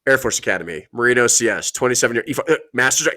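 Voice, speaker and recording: Man with a bright forceful voice, swears a lot, acts out quotes, laid-back podcast storytelling. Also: mid-range voice, very fast. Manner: profane, animated storytelling with acted-out quotes. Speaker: podcast guest. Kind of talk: casual storytelling.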